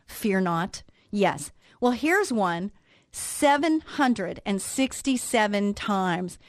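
A woman radio host telling a story in a lively, casual way, acting out the reactions she quotes, then moving into a devotional talk. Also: medium pitch, dry recording, studio quality.

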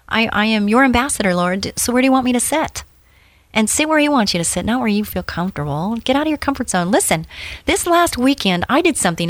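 A middle-aged woman hosting a faith talk show, telling personal stories earnestly and urging her listeners on with rising excitement. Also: medium pitch, no room sound. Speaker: show host.

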